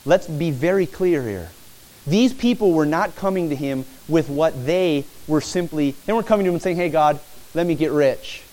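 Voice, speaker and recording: Guy preaching a sermon, earnest, keeps saying friends, kinda high voice. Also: normal speed, a little mellow, poor audio. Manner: earnest, repetitive preaching, addresses listeners as friends. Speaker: pastor.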